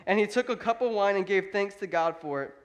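A pastor delivers his sermon in a high, light male voice. He preaches emphatically but keeps it conversational, like he is talking straight to his congregation. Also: fairly quick. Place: church.

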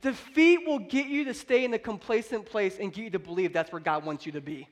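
High-voiced fervent young preacher man. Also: a little fast. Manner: fervent, emphatic preaching, acts out scripture quotes. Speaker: pastor. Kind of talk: sermon.

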